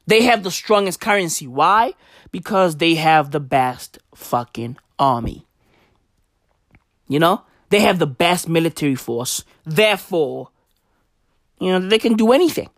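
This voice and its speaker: A voice delivering a casual rant straight to camera, unhurried and drawn out. The talk is profane and emphatic, hammering the same points again and again. The sound is dry, with no room around it. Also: mid-range voice, animated, dry recording. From South Africa. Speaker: vlogger.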